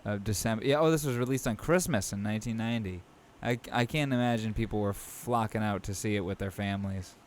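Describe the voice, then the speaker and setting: A man with a fairly low voice co-hosting a podcast, talking in a relaxed, meandering way full of ums and restarts. A faint hum of room noise sits behind him. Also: quick pace, hardly any pauses. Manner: relaxed, thinking aloud with many fillers. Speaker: podcast co-host. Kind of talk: casual chat.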